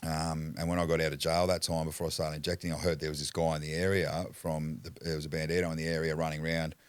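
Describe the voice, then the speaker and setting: Deep-voiced blunt Australian man. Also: little pitch movement, fast, smooth, no room sound. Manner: blunt, swears freely, laughs while telling stories. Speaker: podcast guest. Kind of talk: casual storytelling.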